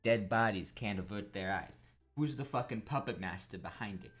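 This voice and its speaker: A young man gives casual gameplay commentary, rambling, joking crudely and swearing often. His fairly low voice moves at a moderate pace over soft background music.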